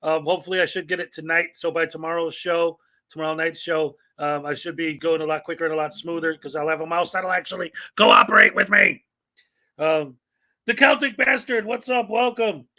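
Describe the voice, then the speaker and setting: A man's voice: a little high, fairly even intonation, brisk, sharp tone. A man from Chicago with a Chicago accent, hosting a casual live-stream chat in a chatty, jokey way. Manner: chatty, jokey, laughs often. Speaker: show host.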